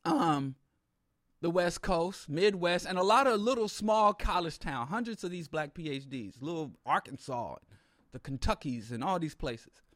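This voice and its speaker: A man telling a humorous story in an animated, comic way with exaggerated asides. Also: on the high side, unhurried, no echo, studio quality.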